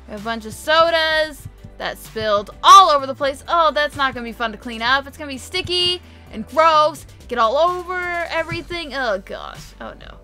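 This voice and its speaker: A chatty woman gives casual gameplay commentary in a high, bright voice. She is excitable and quick to exclaim, with faint music playing behind her. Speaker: gamer, video host.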